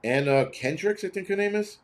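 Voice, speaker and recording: A man's voice: high voice, lively intonation, brisk. A man in his fifties hosting a casual livestream, rambling and sarcastic with constant swearing. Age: 50s. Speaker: livestream host.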